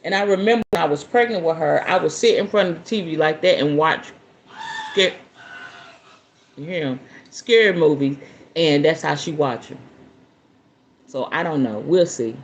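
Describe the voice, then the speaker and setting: A woman's voice: sits low, normal speed, long pauses, a little hiss or hum. A woman hosting a spiritual podcast who chats casually with her listeners, laughs often and reads aloud from a book. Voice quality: expressive, laughs often, talks straight to viewers.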